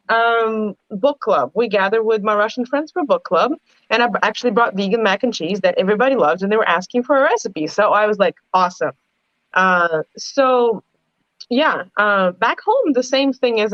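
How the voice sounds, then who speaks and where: A woman's voice: mid-range voice, no room sound, highs cut off. A woman talking animatedly in a casual group discussion, telling stories with lots of rises in her voice. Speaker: podcast panelist.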